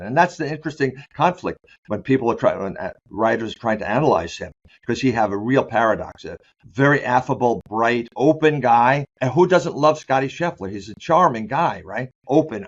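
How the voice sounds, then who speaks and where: A man being interviewed as a sport psychologist, talking candidly and loosely, often restarting his sentences and slowing down to stress key words. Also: lowish voice. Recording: dull lo-fi sound.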